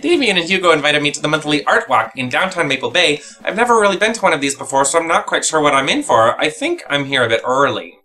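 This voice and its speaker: A man's voice: a little high, very animated, fast talker, few pauses, pushed and bright. A man hosting a playthrough, reading the game aloud with playful, theatrical commentary. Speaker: let's play host.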